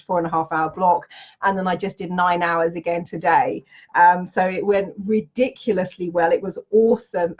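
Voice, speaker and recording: A woman reading tarot and chatting with viewers on a live stream, bubbly and enthusiastic and laughing often. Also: on the low side. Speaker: tarot reader and trainer. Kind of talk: Facebook Live chat with viewers. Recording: slightly dull lo-fi stream audio.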